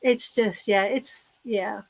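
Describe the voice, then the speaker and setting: A woman in casual chat, telling a rambling, excited story with many false starts. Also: mid-range voice, takes it slowly, vocal fry, slightly rough, dry recording, rough recording.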